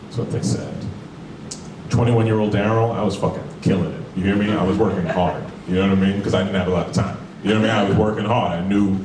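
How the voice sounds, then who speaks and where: A man's voice: low-pitched, steady tone, fast talker, background noise. A stand-up comedian in his forties from Brooklyn, talking in a profane, conversational way with lots of rhetorical asides. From Brooklyn, New York. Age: 40s. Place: comedy club with a live audience. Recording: echoey room, far mic, audience laughter.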